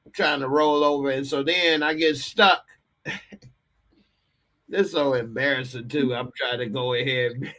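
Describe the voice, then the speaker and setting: A man's voice: medium pitch, fairly even intonation, unhurried, pauses often, bright, forceful tone. A man hosting a live call-in podcast, telling a comic story with frequent laughter and acted-out voices. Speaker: podcast host.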